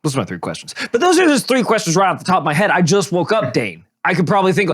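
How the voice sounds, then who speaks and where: A man's voice: on the high side, fast talker. A man co-hosting a podcast, rambling and joking in casual chat. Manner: rambling, jokey, animated. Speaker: podcast co-host.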